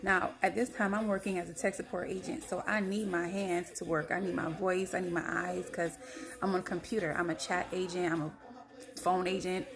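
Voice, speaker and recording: Speaking a little fast in a gravelly, lowish voice, the woman tells her own story candidly to camera. Blunt and animated, she curses freely and performs what others said.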